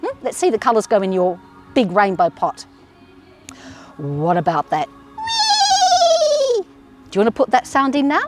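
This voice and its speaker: A woman's voice: medium pitch, big pitch swings, normal speed, pauses often, over music. An Australian woman leading a children's yoga class in an encouraging, sing-song way, with playful animal sounds. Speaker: kids yoga teacher.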